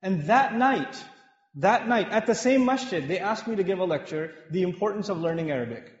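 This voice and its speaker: A man from Pakistan giving a mosque sermon, telling stories in an animated, humorous way. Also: sits high, moderate pace. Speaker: mosque lecturer. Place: mosque hall with women's gallery upstairs. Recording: echoey hall, dull sound.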